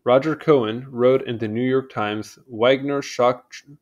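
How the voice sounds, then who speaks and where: A man's voice: mid-range voice, steady tone, a little slow, lo-fi sound. A man casually reading a history article aloud, stumbling over names and adding chatty asides. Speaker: channel host reading aloud.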